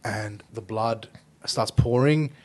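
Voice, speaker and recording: An Australian man hosting a podcast, chatting casually and telling animated stories, swearing freely. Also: on the low side, takes it slowly. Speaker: podcast host. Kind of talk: casual chat.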